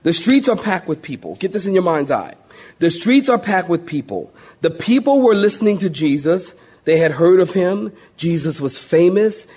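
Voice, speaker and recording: A man preaching with a lively, swooping delivery, his voice a little husky and set fairly high. He tells the story with animated energy and jumps into the voices of the people in it. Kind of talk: sermon.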